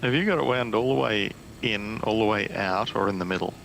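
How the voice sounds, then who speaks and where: A man chatting with gaming friends in a slow, deliberate, dry manner. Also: lowish voice, creaky, fairly bright tone, slight background noise. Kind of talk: casual gaming chat.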